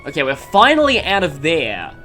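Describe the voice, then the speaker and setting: A man's voice: fairly high pitch, wildly swooping pitch, normal speed, pushed and bright, faint music behind. A man giving casual gameplay commentary, rambling along with frequent ums and stopping to correct himself mid-sentence. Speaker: let's play commentator.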